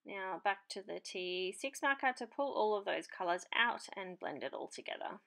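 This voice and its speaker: A woman's voice: medium pitch, animated, gravelly, bright, forceful tone. A woman hosting a papercraft channel, chatting casually as she explains her marker colouring in a tutorial voice-over. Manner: chatty, unhurried, talks while working.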